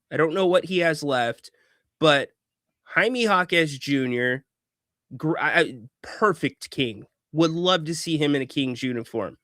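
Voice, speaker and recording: Dry, unhurried sports-talk man. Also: mid-range voice, a bit bright, clean tone, no echo. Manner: opinionated, restarts words, chuckles often.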